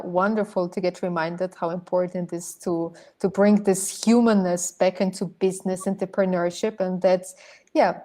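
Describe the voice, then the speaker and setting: Host, a woman of mid pitch, moderates the session, encouraging and affirming. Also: mellow. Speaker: conference host. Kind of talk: moderating a panel.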